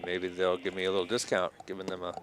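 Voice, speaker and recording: A man with a fairly low voice handles play-by-play for a local baseball broadcast. His delivery is easygoing and conversational, and he fills the time between pitches with friendly chat. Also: monotone, quick pace, background noise. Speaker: play-by-play announcer.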